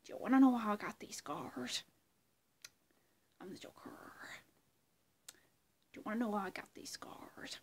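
A woman doing an impression of a menacing male clown villain in a whispered role-play, speaking in a creepy hush. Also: on the high side, moderate pace, vocal fry, long pauses, breathy edge.

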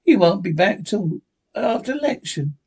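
A man voicing a scheming, blustering male political boss with a husky voice. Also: sits high, sing-song, moderate pace, a little mellow, pitched above the performer's own voice, heavily acted. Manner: blustering, threatening.

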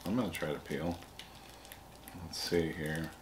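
A man's voice: rumbling low, measured pace. A man co-hosting a casual snack review, easygoing with dry remarks. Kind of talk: casual food review chat. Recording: echoey room with faint hiss.

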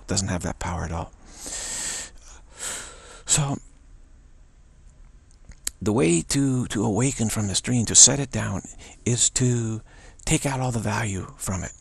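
A man gives an earnest spiritual talk as a teacher. His voice is gravelly and a little husky, and it sounds dry and close. He speaks haltingly and often repeats his words. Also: fairly low pitch, no room sound.

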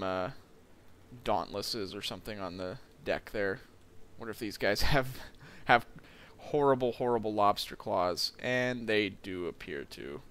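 A man's voice: mid-range voice, a bit bright, clean tone. A young man casually commenting on a submarine game, joking and rambling with self-mocking asides. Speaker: let's play host.

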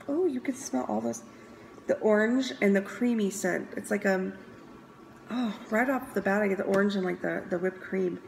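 Woman reviewing products for her channel, mid pitch with some vocal fry, upbeat and musing. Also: normal speed, slight background noise, poor audio. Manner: chatty, enthusiastic, stops to sniff and muse aloud. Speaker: scent consultant reviewing products. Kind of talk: casual product review vlog.

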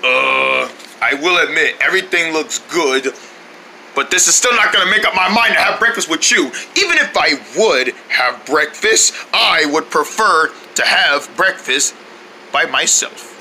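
A man's voice: fairly high pitch, animated, measured pace, gravelly, bright, forceful tone, slight background noise, exaggerated voice. A man voicing a stubborn, grumpy male cartoon character who complains indignantly. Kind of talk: cartoon voice acting.

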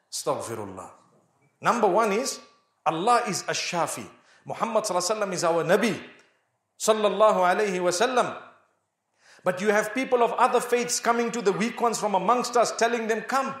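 High-voiced male preacher, rhetorical sermon delivery, reverberant space. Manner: rhetorical questions, recites Arabic verses in a chant. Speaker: Islamic preacher.

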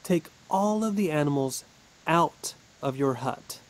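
A man reading a storybook, voicing a calm, wise rabbi who gives measured, firm instructions. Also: a little high, rough recording. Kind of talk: storybook reading for English learners.

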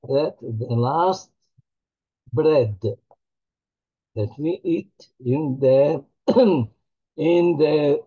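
A man, a rabbi, teaching a holiday Torah class in a halting, earnest way, often repeating his words. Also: fairly high pitch, animated, breathy edge, phone-quality sound.

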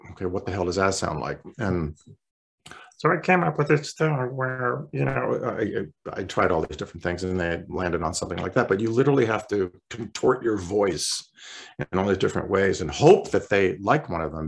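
Low-voiced man telling stories. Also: normal speed. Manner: relaxed storyteller who clears his throat often and repeats words. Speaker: voice actor, interview guest. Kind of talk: casual interview chat.

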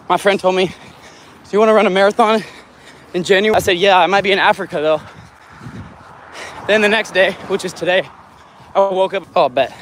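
A man's voice: high voice, fairly bright tone, slight background noise. A young man livestreaming himself running a marathon, out of breath, brash and joking, talking into a handheld phone outdoors. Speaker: vlogger livestreaming a run. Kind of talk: hyped livestream chatter. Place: outdoors on a city street in heat. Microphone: handheld phone camera.

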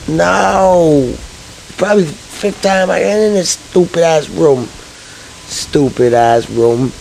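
A man's voice: sits high, takes it slowly, gravelly, a little mellow, slight background noise, poor audio. A man commenting casually while playing a video game, frustrated and swearing a lot. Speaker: let's-play gamer.

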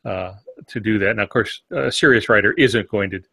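An older man co-hosting a writing podcast, explaining points in a measured, plain-spoken way. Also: lowish voice, creaky, bright, forceful tone, slightly rough, no echo. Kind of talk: instructive podcast discussion.

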